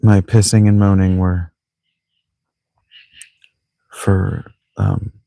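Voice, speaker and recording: A man's voice: low-pitched, flat delivery, very slow, creaky, warm tone, no room sound. A man playing a story game, reading its lines aloud and adding rambling, self-mocking asides. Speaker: game streamer. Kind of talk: casual game commentary, reading dialogue aloud.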